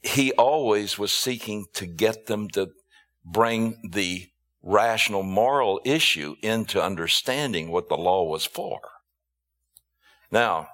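Slow, low-voiced man preaching a sermon. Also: expressive, fairly bright tone. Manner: slow, emphatic, rhetorical questions, drawn-out stressed words.

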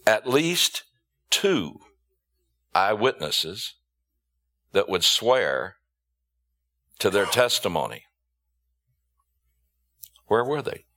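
A man preaching a sermon, emphatic, with rhetorical questions and drawn-out stressed words. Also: on the low side, very animated, bright, forceful tone.

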